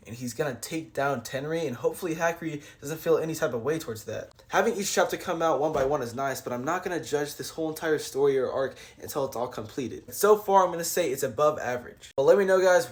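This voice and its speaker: A man recapping and reviewing a manga chapter in a casual, slangy way, paraphrasing the characters' lines as he goes. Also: on the high side.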